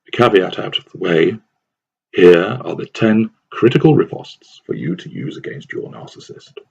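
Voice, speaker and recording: Deep gravelly man reading scripted advice. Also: sing-song, moderate pace, a little mellow. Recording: dull lo-fi recording.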